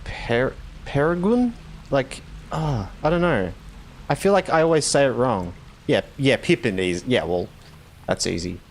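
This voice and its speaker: A man's voice: medium pitch, expressive, unhurried, gravelly, slight background noise. A man with an Australian accent chatting casually while streaming a game, playful and laughing often as he talks with viewers.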